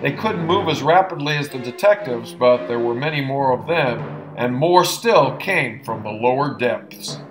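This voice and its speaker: A man reading an adventure novel aloud in an expressive, dramatic narration. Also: medium pitch, unhurried, hardly any pauses, music in the background. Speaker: audiobook narrator. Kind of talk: audiobook narration.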